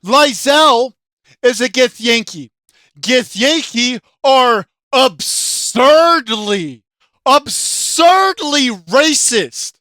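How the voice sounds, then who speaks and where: A game commentator rants in anger with a high voice, swearing and yelling often. The delivery is slow and heavy, and the throat is sore from shouting. The sound is dry and close. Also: lively intonation, no echo. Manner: profane, yelling, sarcastic. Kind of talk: angry commentary rant.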